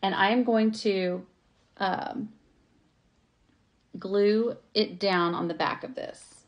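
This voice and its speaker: A woman's voice: medium pitch, fairly even intonation, takes it slowly, lo-fi sound. A woman, chatting to viewers while working on a craft project at her table at home. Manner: chatty, self-deprecating, talks to viewers as y'all. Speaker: craft vlogger. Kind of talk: live craft tutorial chat.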